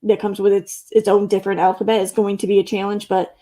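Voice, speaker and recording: A woman's voice: medium pitch, flat delivery, quick pace, warm tone. A woman hosting a casual livestream, rambling and reading chat comments aloud, with the odd curse word. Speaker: livestream host.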